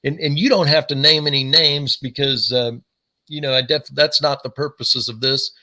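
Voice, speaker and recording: Male podcast host, bright tense voice, casual encouraging interviewer. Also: medium pitch, steady tone, normal speed. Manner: encouraging, with frequent short acknowledgements.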